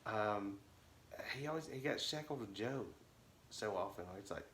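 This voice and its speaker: A man's voice: lowish voice, animated, moderate pace, fairly bright tone. A man co-hosting a podcast, laid-back and answering with short agreeing replies. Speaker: podcast co-host. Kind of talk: casual sports chat. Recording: roomy echo, faint noise.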